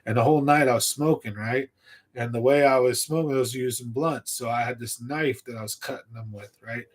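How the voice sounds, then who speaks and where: A man hosts a casual livestream from a home setup and tells a long, rambling story from his younger days. He gets animated, speeds up, and laughs at his own tale. His voice sits in a middle range. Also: medium pitch, brisk. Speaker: fishing channel livestream host.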